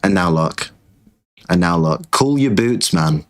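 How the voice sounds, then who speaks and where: A man's voice: low voice, animated, measured pace, a bit bright. A British man hosting a livestream, ranting sarcastically and swearing, tired and irritated. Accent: British English. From Britain. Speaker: livestream host. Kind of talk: casual livestream rant.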